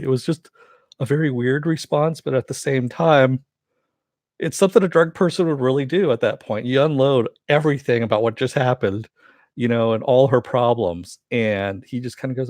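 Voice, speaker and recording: A man talks through the plot of an episode in a loose, conversational recap, leaning on "uh" and "you know" and laughing now and then. His voice sits at an ordinary middle pitch. The sound is close and dry, with no room around it. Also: brisk, a little mellow, no room sound. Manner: loose storytelling with many fillers, chuckles often; voices the characters' lines with a lifted pitch. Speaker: TV reviewer.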